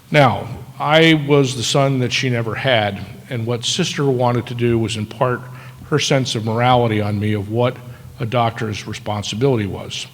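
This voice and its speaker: A man's voice: medium pitch, fairly even intonation, moderate pace. Man in his sixties telling stories in an echoey hall. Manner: dry, self-deprecating humor. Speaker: keynote speaker. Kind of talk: storytelling ceremony speech. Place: large auditorium. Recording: echoey hall with long reverb.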